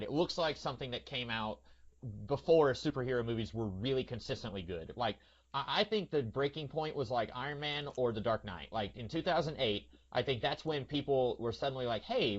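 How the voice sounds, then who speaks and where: A man hosting a casual podcast, rambling with lots of fillers and now and then slipping into a put-on voice. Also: mid-range voice. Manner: rambling, many fillers, slips into character voices. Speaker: podcast host. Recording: dull lo-fi sound.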